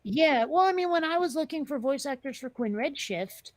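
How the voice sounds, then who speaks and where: A woman hosts a casual chat show in a high, animated voice at a moderate pace, recorded dry. She rambles chattily, with lots of fillers and restarts.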